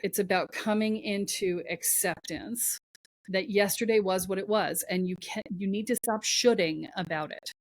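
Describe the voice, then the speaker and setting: A woman at a middle pitch gives blunt, emphatic advice as a podcast guest, often in short punchy commands. Her voice comes across dry and close, with no room sound around it. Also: normal speed, darkish tone, no echo. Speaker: guest spiritual coach. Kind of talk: podcast conversation.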